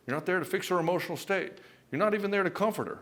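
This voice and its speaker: A man's voice: high-pitched, very fast, a bit bright. Blunt, emphatic male relationship coach. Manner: blunt and emphatic, with casual profanity; addresses the viewer as brother. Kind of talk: direct-to-camera coaching talk.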